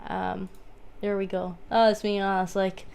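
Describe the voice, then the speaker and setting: A woman's voice: mid-range voice, flat delivery, moderate pace, vocal fry, a little mellow, smooth. A woman chatting casually, giggling often and swearing freely. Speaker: guest. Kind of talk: casual chat.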